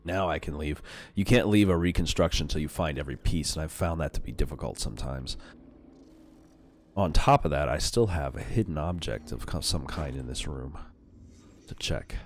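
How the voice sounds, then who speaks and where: A man's voice: very deep voice, normal speed, slight background noise. A man streaming a horror game, talking casually and bluntly, swearing, and reading the game's text aloud. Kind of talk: casual gameplay commentary.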